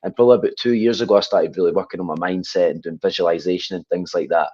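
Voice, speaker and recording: A man's voice: low-pitched, steady tone, racing, a little mellow, slightly rough, no room sound. A man with a Scottish accent, an MMA fighter answering interview questions in a casual, upbeat way, often adding "mate" and "you know what I mean", heard over dull remote call audio. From Scotland. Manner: upbeat, often tags 'mate' and 'you know what I mean'.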